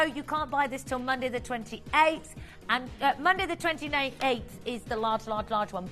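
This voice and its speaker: Bubbly female TV sales host, bright and high, repeats herself. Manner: bubbly, chatty, repeats phrases. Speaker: shopping channel presenter. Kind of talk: live TV sales pitch.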